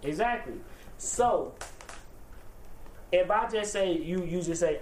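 A man's voice: a little high, big pitch swings, takes it slowly, long pauses, a little mellow. A man hosting a heated casual debate, insistent and argumentative. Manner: insistent, argumentative, keeps claiming the floor.

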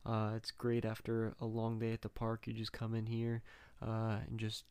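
A man with a smooth, fairly low voice runs through dishes with eager praise as a podcast co-host. His pitch stays level, and the recording is dry and close. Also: completely flat delivery, moderate pace, darkish tone, no room sound. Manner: enthusiastic, listing dishes with emphatic praise. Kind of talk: casual food chat.

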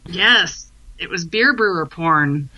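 A woman's voice: fairly low pitch, animated, takes it slowly, a crowd in the background, rough recording. A woman, a guest on a podcast, chatting loosely and giggling now and then. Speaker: guest homebrewer. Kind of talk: casual homebrewing chat.

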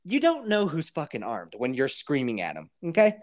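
A man hosting a podcast, telling a story in a casual, animated way, full of swearing and acted-out quotes. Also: fairly high pitch, normal speed. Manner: animated, profane, acts out quotes. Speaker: podcast host.

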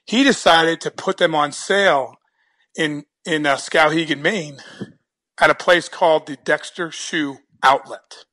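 A man's voice: fairly high pitch, measured pace, pushed and bright. A man from New Jersey telling a story in a casual, chatty way, often repeating his first words and laughing as he goes.

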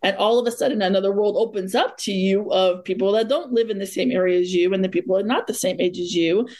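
A woman counselor, here as a podcast guest, talks things over in a relaxed, reflective way. Her phrasing is loose and full of small fillers, and her voice sits at a middle pitch. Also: fast talker. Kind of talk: casual conversation.

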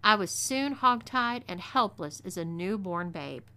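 A woman with a Texan twang narrating a scripted first-person western story with expressive delivery. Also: medium pitch, measured pace. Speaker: narrator, audio story reader.

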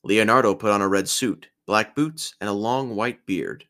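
A man's voice: moderate pace, few pauses. A man co-hosting a podcast, giving a dramatic reading of a children's book and lifting his voice for each character. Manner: lively storybook reading, pitches up for character lines. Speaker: podcast co-host.

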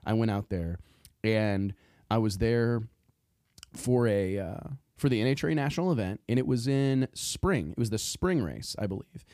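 A man's voice: lowish voice, normal speed. A man hosts a podcast and tells stories in an easy, conversational way. He acts out the other people in his tales, and his voice often rises as he laughs along. The sound is close and dry, with no room echo. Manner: animated storyteller, acts out quotes, laughs often. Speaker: podcast host. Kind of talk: casual storytelling chat.

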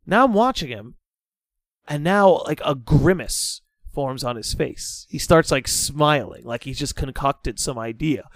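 A young man guesting on a podcast, telling a story in a casual, animated, dramatic way and swearing freely. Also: on the high side, measured pace, no echo.

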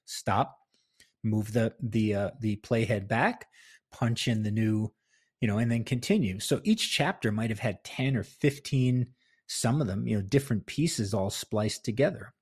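A man's voice: lowish voice, a little slow, a little mellow, husky. A man hosting a casual solo podcast from his home office, chatty and self-deprecating, laughing often. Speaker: podcast host. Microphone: close podcast mic.

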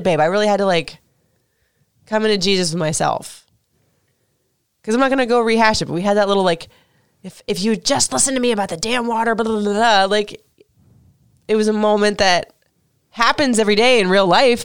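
A woman in her thirties from Florida, chatting candidly on her podcast. Her voice is smooth and clear, recorded dry and close with no room sound. She rambles freely between tender and joking. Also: medium pitch, a little fast, pauses often, dry recording. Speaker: podcast host and mother. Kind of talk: casual podcast chat.

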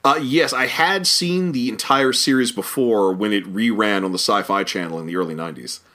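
A man co-hosting a casual podcast about an old cartoon series, lively and chuckling, often stumbling over names. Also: on the low side, normal speed. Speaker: podcast co-host.

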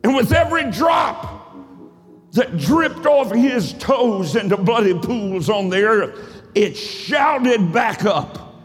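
High-voiced preacher shouting in a reverberant hall. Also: male voice, big pitch swings, takes it slowly, faint music behind. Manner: rhythmic preaching, swells to shouts. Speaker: pastor. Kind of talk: sermon. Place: church sanctuary.

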